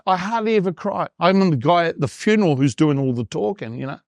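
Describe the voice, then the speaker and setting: A man's voice: fairly high pitch, animated, a little fast, gravelly, hardly any pauses, a little mellow, no room sound, clean studio sound. A New Zealand man in his fifties, a performance coach telling his story in an interview and acting out his past thoughts. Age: 50s.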